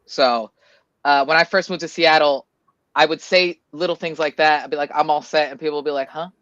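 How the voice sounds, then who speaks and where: A man with a Boston accent, chatting casually on a stream and telling animated stories full of fillers. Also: a little high, brisk, no room sound. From Massachusetts. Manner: animated storyteller, lots of fillers. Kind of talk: casual chat. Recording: dull lo-fi stream audio.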